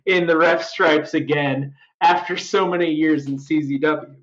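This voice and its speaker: A woman's voice: sits low, fairly even intonation, a little slow. A woman co-hosting a casual podcast chat, laughing often and rambling through restarts and tangents. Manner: giggly, rambling, full of restarts. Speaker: podcast co-host. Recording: roomy, dull home mic.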